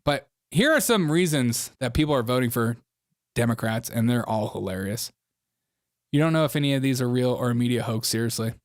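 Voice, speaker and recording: A man's voice: mid-range voice, animated, a little fast, no room sound, clean studio sound. A man hosting a casual political reaction show, sarcastic and often laughing between remarks. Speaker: host of a political commentary show.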